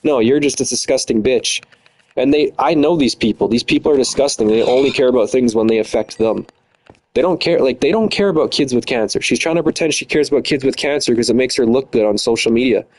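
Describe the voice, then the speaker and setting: A man's voice: medium pitch, fast, darkish tone, rough recording. A man in his twenties delivers a heated, profane rant. His talk is bitter and loose, full of insults and repetition. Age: 20s. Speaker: streamer. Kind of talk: angry casual rant.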